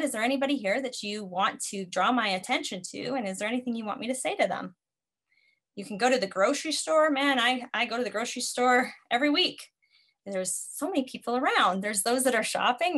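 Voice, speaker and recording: A woman's voice: on the high side, sharp tone. A woman ministry facilitator giving an earnest teaching talk, telling personal stories and quoting her own prayers.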